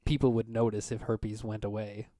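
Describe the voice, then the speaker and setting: A man narrating as game master of a tabletop game, relaxed and halting with many fillers. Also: lowish voice, a loud crowd.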